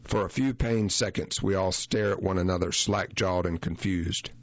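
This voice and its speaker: Low-voiced man reading a story. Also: steady tone, normal speed, dry recording, highs cut off. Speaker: narrator. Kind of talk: first-person reading of a magazine feature.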